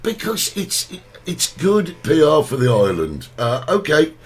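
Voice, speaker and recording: A man's voice: on the high side, wildly swooping pitch, measured pace, husky. A man hosting a casual talk show, leading the chat in an easygoing way and reading out questions.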